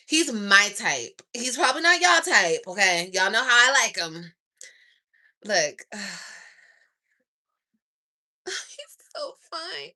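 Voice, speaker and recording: A young woman chats to camera from home at night, gossiping and swearing as she talks. Her bright voice swoops up and down. She often breaks into sighs and laughter. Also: fairly high pitch. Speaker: vlogger. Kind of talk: casual chat to camera.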